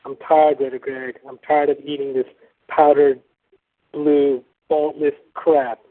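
A man's voice: a little high, little pitch movement, unhurried. A man phoning in to a fan show, exasperated and emphatic, over a phone line. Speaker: caller.

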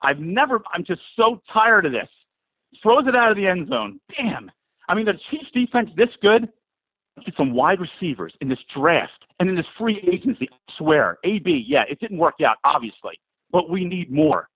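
A man in his forties with a New Jersey accent and a cold calls in to rant about his sports team, fired up and exasperated. His voice sits high and is sing-song and slightly rough, at normal speed, heard dry over a tinny phone line.

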